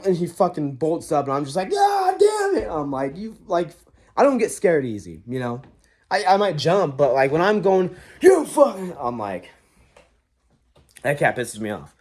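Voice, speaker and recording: Profane young man rambling through a ghost story. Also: on the high side. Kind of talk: casual storytelling to camera.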